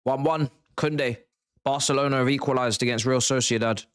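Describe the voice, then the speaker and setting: A man hosting a live football watchalong, reacting in a slangy, excitable way, swinging between mumbled asides and shouted outbursts. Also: medium pitch, a little fast, smooth. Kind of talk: live match reaction commentary.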